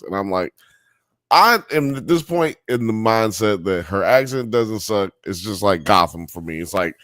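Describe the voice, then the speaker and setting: A man's voice: fairly low pitch, expressive, normal speed, fairly bright tone, dry recording, clean studio sound. A man co-hosting a casual podcast, joking and swearing freely as he chats. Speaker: podcast co-host. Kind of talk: casual chat.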